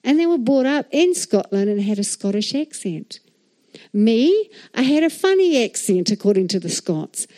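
New Zealand woman preaching, mellow voice. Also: on the high side, moderate pace. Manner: animated, asks the crowd for replies. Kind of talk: sermon.

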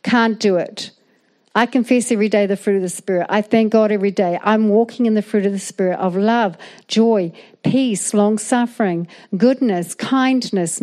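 A woman preaching a sermon, often calling out "amen?" to the congregation. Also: medium pitch. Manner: animated, calls out "amen?" to the congregation. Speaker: guest preacher.

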